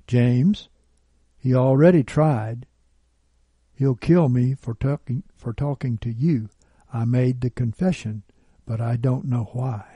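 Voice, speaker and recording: A man's voice: medium pitch, slow pace, dark tone, husky, no echo. A man voicing a bitter, contemptuous woman who calls herself a witch, speaking arrogantly and snapping. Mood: scornful. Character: scornful bitter adult woman, a self-declared witch.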